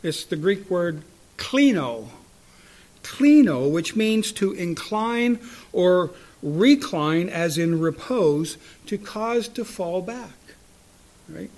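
A man with a fairly high voice preaches at a slow, deliberate pace. He swings from loud, ringing cries down to quiet, hushed asides and keeps asking his listeners rhetorical questions. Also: animated. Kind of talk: sermon.

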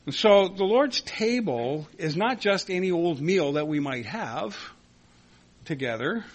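Man, pastor at the Lord's table, unhurried and halting sermon delivery. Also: sits high, expressive. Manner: slow, halting, with many fillers and soft laughs. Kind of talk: communion sermon.

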